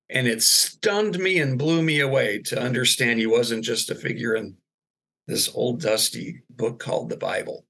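A man as a podcast guest, telling a personal faith story in an earnest, animated way. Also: mid-range voice, normal speed, vocal fry, breathy edge. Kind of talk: personal testimony in conversation.

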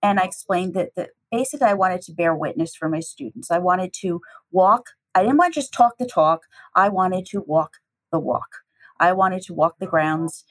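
A breathy, slightly husky woman in middle age spins a personal story at a lively clip. She acts out every exchange, climbing high for the startled voices she quotes and settling low for her own asides. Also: normal speed, poor audio. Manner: lively, acts out dialogue with shifting pitch. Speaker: teacher telling a personal story.

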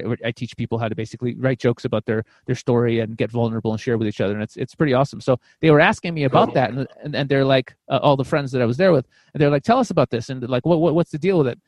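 Fast-talking man telling a candid story. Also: mid-range voice, no room sound. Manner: animated, repeats words and restarts, swears casually. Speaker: comedian and podcast guest.

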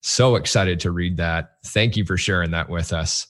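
A man's voice: deep voice, moderate pace, a bit bright. A man hosting a podcast, reacting with enthusiasm and wrapping up a guest's story. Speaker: podcast host.

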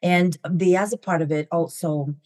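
Accented lady giving a pep talk, low mellow voice, dry close sound, talks fast w/ lots of "right?". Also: steady tone, no echo. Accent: foreign accent. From immigrant to the US. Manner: fast talker who swallows word endings, frequent fillers like "right?" and "you know". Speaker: podcast host. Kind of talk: motivational talk.

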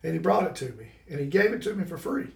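A man telling a story from his childhood in a casual chat, animated and laughing as he tells it. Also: fairly high pitch, quick pace, gravelly, distant mic. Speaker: guest. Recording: roomy sound, away from the mic.

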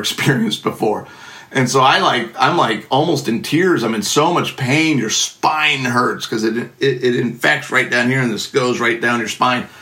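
A man telling a personal testimony, animated and acting out the voices of the people in his story. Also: mid-range voice. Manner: animated, acts out voices in quotes, laughs often.

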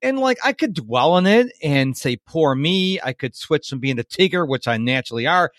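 A man's voice: a little high, sing-song, moderate pace, fairly bright tone, no echo. A man hosting his podcast, upbeat and enthusiastic, laughing readily as he talks. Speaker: podcast host. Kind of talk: conversational podcast interview.

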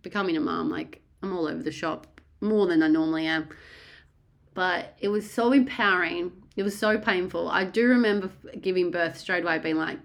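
A woman's voice: fairly low pitch, moderate pace, gravelly. A woman hosting a podcast, telling a personal story in a rambling, blunt way and swearing freely. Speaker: podcast host.

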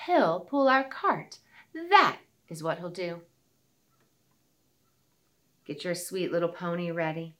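A woman leading a children's circle time, gently speaking and singing nursery rhymes and songs. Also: lowish voice. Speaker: children's teacher.

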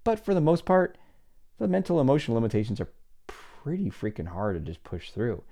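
A man's voice: medium pitch, very animated, fairly quick, dark tone. A man in his forties, a confidence coach and podcast host, talking casually on his own and acting out quoted dialogue in shifting voices. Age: 40s. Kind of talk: casual solo podcast talk.

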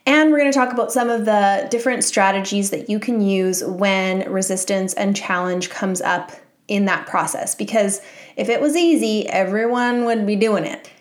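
Woman, 30s, solo podcast host, calm and encouraging, mid-pitched voice. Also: moderate pace. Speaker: podcast host and mindset coach.

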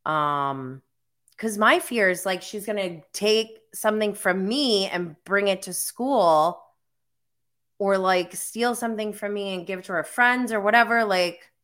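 Recorded on a camera mic, this mom vlogger in her forties has a medium-pitched, fairly bright voice and an unhurried pace. She tells her story casually, with "like" cropping up throughout her sentences.

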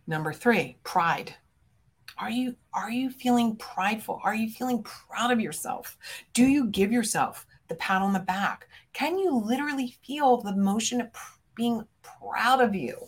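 A woman's voice: fairly high pitch, lively intonation, measured pace. A middle-aged woman coach hosting a motivational podcast, talking to listeners in a direct, emphatic way and swearing casually. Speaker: business coach and podcast host.

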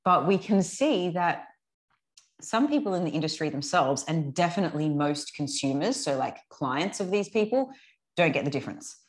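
A woman's voice: low-pitched, expressive, normal speed. A woman in her thirties co-hosting a podcast, talking frankly, laughing often and swearing freely. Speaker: podcast co-host, fitness coach. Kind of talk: casual chat.

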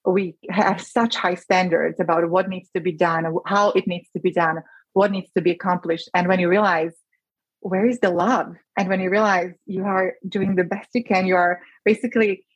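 A woman physician talks with earnest emotion in a podcast interview, often restarting her sentences. Her voice sits a little low and has a husky edge. The sound is dry and close. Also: fairly even intonation, moderate pace, no room sound, muffled recording. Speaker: physician guest.

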